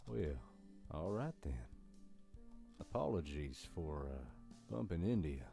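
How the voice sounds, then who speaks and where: An actor voicing a calm cowboy stranger in a game, with a Southern country drawl and a deep yet soft voice. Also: male voice, a little slow, creaky, soft background music, heavily acted. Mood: easygoing.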